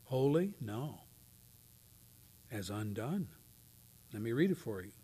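A man preaching a sermon, swinging from loud, declaiming readings to near whispers. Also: mid-range voice, very animated, slow pace. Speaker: pastor. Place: church.

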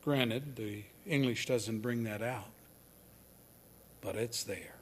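A man preaching a sermon, swinging from loud declarations down to near-whispers. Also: mid-range voice, husky. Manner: slow and deliberate. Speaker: pastor.

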